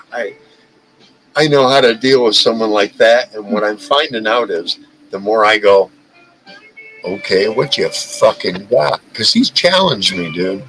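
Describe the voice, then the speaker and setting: A man's voice: on the low side, bright, forceful tone, low-quality recording. Profane, heated man ranting on a livestream. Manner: profane, heated, repeats himself. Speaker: livestream host. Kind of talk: casual live-stream rant.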